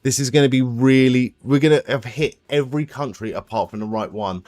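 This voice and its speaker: A man's voice: medium pitch, fairly quick, a little mellow, no room sound, studio quality. A man hosting a live watch-along stream, thinking aloud and swearing freely as he plays a guessing quiz with viewers.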